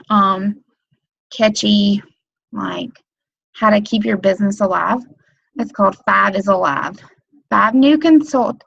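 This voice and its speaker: A woman with a mid-range, creaky voice gives casual training over a webinar, rambling with plenty of "um," "like," and "you know." She's a direct sales consultant coaching new team members through a computer mic. The audio is dull, with no room sound.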